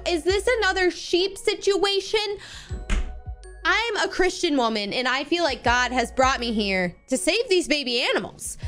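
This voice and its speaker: A woman's voice: very high-pitched, a bit bright. A young woman hosting a gaming video, giving bubbly, gushing commentary as she plays and talking sweetly to the animals on screen. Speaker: gaming channel host. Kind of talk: playing a video game with live commentary. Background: background music.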